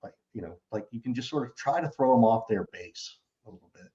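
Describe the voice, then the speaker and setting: A man's voice: medium pitch, lively intonation, fast, mellow. A man who is a sales expert, explaining his scripts in a playful, humorous way during an interview. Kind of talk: casual interview answer. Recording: slightly dull lo-fi audio.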